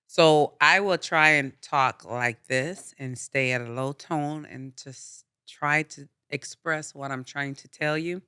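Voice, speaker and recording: A middle-aged woman co-hosting a casual chat, with a loud, sharp-toned voice and a quick laugh. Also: low voice, clean tone, no echo, studio quality. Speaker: podcast co-host.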